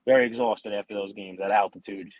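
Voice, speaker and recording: Young man, twenties, new york accent, low voice, dry close sound, rambling casual storytelling. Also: steady tone, quick pace, dry recording, muffled recording. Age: 20s. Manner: rambling, laid-back storytelling with many fillers. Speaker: podcast guest, amateur hockey goalie. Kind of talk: casual interview chat.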